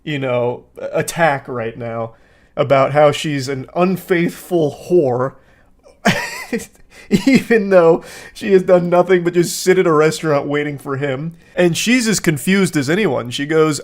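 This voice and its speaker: A man's voice: fairly high pitch, huge pitch swings, a little slow. A man hosting comedic commentary, reading out text messages with sarcastic, dry, mocking asides. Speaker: host.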